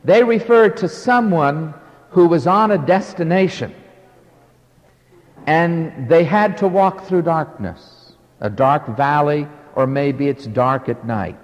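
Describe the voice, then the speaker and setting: A man's voice: on the high side, takes it slowly, long reverb tail. A middle-aged man preaching a sermon with an emphatic, rising and falling cadence.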